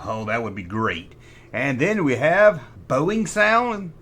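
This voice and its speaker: Lively, bright-voiced man joking about toys. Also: medium pitch, slow, a little hiss or hum. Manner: jokey, sarcastic asides, mimics sound effects. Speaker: toy collector host. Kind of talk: comic toy review.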